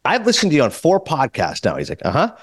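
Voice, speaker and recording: A man hosting a podcast, telling a story in casual chat, excitable and acting out the people he quotes. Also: on the high side, breathy edge, dry recording, clean studio sound. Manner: rapid, excitable, acts out quotes. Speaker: podcast host.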